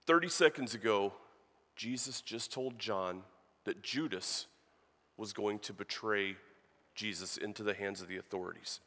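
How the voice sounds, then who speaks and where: A guest preacher in a church sanctuary delivers his sermon in a fairly low, fairly bright voice at a slightly slow pace. He tells a joke and reads scripture in a conversational, storytelling way, acting out voices. The long reverb of the church hall carries through the recording.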